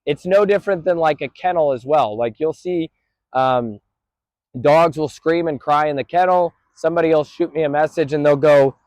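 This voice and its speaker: A man's voice: fairly high pitch, normal speed, a little mellow, no echo. A man training a dog outdoors on a busy street, explaining his approach plainly and calling out praise to the dog. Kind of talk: outdoor training talk to camera.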